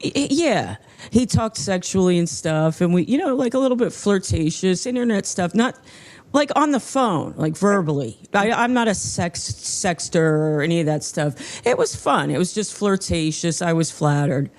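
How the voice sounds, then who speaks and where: A woman's voice: on the low side, lively intonation, moderate pace. A woman in casual stream chat, speaking hesitantly and stammering as she restarts her sentences.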